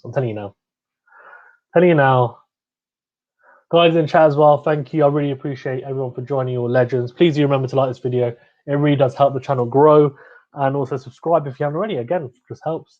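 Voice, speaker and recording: A young man hosting a cricket watchalong livestream, reacting excitedly, groaning and pleading with each ball. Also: medium pitch, lo-fi sound. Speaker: livestream host.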